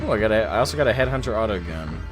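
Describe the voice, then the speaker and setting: A man in casual gaming banter, excitable and quick to swear. His pitch bounces around lively as he jokes. Clear game music plays behind him. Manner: excitable, profane, joking banter. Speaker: gaming streamer. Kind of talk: casual gaming chat with friends.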